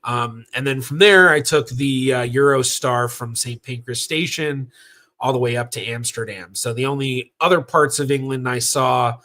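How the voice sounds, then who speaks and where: A young man hosts a genealogy livestream in a loose, chatty way. He wanders through his thoughts with plenty of fillers and quick self-corrections, often laughing at himself. His voice is bright and forward at an average pitch. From Southern California. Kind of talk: casual livestream chat answering viewer questions.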